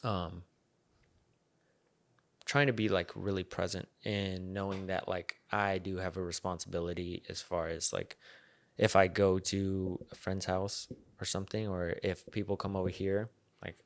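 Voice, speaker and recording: A young man with a very deep, low-pitched voice hosts a casual podcast chat. He rambles in a relaxed, easygoing way, swearing and laughing as he goes. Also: unhurried. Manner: laid-back, rambling, swears and laughs often. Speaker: podcast host.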